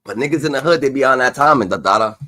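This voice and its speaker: A man hosting a livestream, ranting in a heated, profane, streetwise way, swinging between loud outbursts and low mutters. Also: very fast. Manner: profane, heated, with a repeated "da, da, da" filler. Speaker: livestream host. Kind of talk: unscripted streetwise rant.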